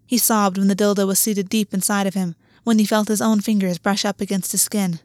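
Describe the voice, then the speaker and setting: A woman's voice: mid-range voice, flat delivery, fairly quick, darkish tone, no room sound. Woman reading a story, dry sound. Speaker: audiobook narrator. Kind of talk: scripted story narration.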